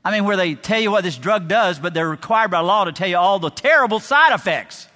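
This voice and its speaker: A male preacher delivering a sermon with lively, animated storytelling. His voice sits a little high and sounds bright and forceful. A long hall reverb trails each phrase. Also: fairly quick. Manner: animated storytelling, mock commercial voice.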